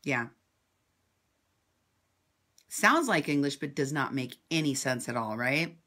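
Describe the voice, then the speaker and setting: Woman, independent journalist, commentary vlog, assertive, sarcastic, bright edgy voice. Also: lively intonation, slow pace. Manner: assertive and sarcastic, swings between loud and low. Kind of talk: impassioned commentary responding to viewer comments.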